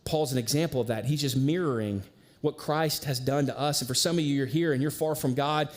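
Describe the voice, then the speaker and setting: A man preaching a sermon as pastor, in a casual, conversational way with slang and lively storytelling. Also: a little high. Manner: animated storyteller.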